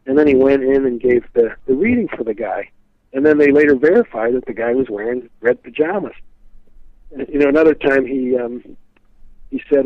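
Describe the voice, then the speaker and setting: A man's voice: medium pitch, brisk, no room sound. Male guest, casual rambling storyteller, heard over a thin phone line. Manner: rambling, many "you know" fillers. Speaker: guest speaker on a psychic's teachings.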